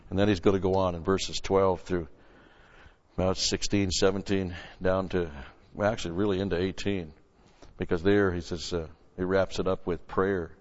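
A man teaching through Bible verses as a pastor, punching key words loudly and then dropping into quick, quieter asides. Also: low voice, level tone. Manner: emphatic, swells loud on scripture then drops to asides. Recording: lo-fi recording with long hall reverb.

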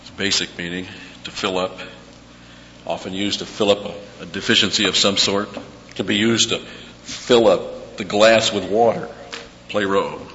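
A man preaching a verse-by-verse sermon, repeating key words slowly for emphasis. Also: lowish voice, steady tone, sharp tone. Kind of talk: expository sermon on scripture. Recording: dull echoey hall with faint hum.

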